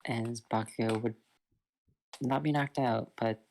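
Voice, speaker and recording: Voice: medium pitch, fairly even intonation, unhurried, vocal fry, a little mellow, slight background noise. Rambling casual storyteller. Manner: loose, rambling, with fillers like "like". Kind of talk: casual improvised fan-fiction retelling.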